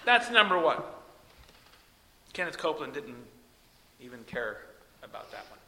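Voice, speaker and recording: A male preacher delivering an expository sermon, emphatic, swinging from loud peaks to soft trailing phrase ends, mocking when quoting a rival teacher. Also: fairly high pitch, big pitch swings, measured pace, a little hiss or hum. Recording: long hall reverb.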